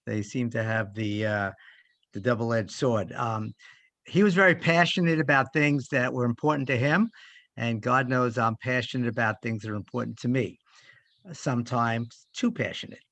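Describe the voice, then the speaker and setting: An older man reflecting in a church group discussion, speaking in a halting, heartfelt way with many pauses. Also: medium pitch, a bit bright, dry recording. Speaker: discussion participant.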